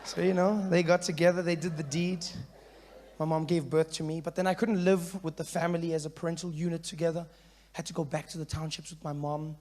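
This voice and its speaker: A South African man in his thirties performing stand-up comedy, animated and full of character bits. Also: a little high, fairly quick. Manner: animated, switches into character voices.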